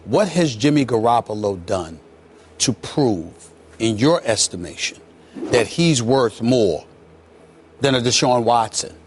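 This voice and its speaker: A man's voice: medium pitch, lively intonation, slow pace, pauses often, slight background noise. A man hosting a sports debate show, pressing his points combatively and repeating himself.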